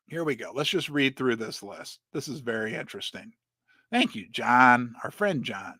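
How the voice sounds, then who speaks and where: A man's voice: medium pitch, very animated, moderate pace, bright, forceful tone, no echo, studio quality. A man hosting a casual commentary show, reading articles aloud and breaking in with sarcastic asides. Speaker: precious metals commentator.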